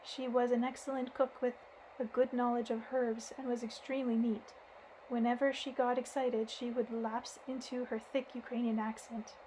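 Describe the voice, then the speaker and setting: Woman reading aloud, high and level. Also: flat delivery, normal speed, warm tone, a little hiss or hum, rough recording. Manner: reads with frequent self-corrections. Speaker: audiobook reader. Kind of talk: informal audiobook narration.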